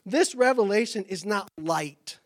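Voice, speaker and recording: A man preaching a sermon with lively, exclamatory delivery, acting out little dialogues as he explains scripture. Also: high voice, measured pace. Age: adult parent. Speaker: pastor.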